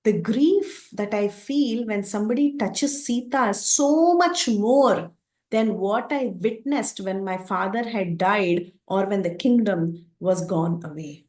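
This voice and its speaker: A woman's voice: medium pitch, animated, slow, a little mellow, echoey room. A woman voicing a noble young warrior prince who is stricken with grief, speaking in an emotional, pleading way. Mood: grieving.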